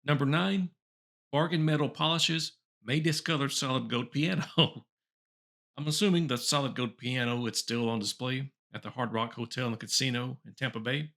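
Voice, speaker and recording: A man's voice: medium pitch, steady tone, normal speed, vocal fry, fairly bright tone. A man hosting a comedy show, reading old top ten lists aloud with chuckles and wry asides. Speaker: host.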